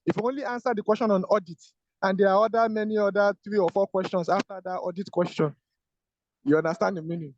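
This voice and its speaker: A man's voice: sits high, fairly even intonation, fast talker, a little mellow, dry recording. A man, a senior doctor, giving earnest, repetitive advice to exam candidates during an online teaching session. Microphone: video call. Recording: dull lo-fi call audio.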